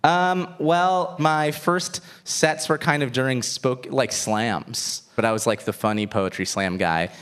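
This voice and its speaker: A man in his thirties, a stand-up comedian, talking in an animated, self-mocking way with frequent laughter. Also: medium pitch, measured pace, few pauses, smooth. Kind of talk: stand-up set, then interview.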